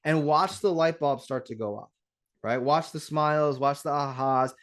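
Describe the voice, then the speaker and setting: A man coaching an audience on a livestream. He talks in an animated, conversational way, restarting sentences and tagging on "right?". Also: on the high side, normal speed. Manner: animated, conversational, acts out dialogues; frequent restarts and rhetorical "right?". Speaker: real estate investing coach. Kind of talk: livestream teaching talk.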